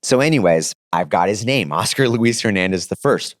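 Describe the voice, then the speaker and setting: A man in his thirties, a podcast guest giving a casual, animated personal testimony, dropping slang as he talks. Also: fairly low pitch, normal speed, dry recording, studio quality. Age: 30s.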